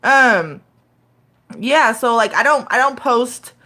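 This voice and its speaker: Chatty, profane woman streamer, slightly high. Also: lively intonation, slow pace, sharp tone. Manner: loose, profane, rambling with many fillers. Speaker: live streamer. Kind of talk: casual live-stream chat.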